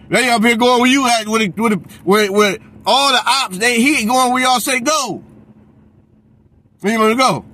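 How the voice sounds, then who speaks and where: Guy going off about boxing, high voice, cussing, aave, keeps saying he's sick of it. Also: normal speed, bright, forceful tone. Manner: profane, repeats a catchphrase, mocks others in put-on voices. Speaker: boxing commentator. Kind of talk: heated rant.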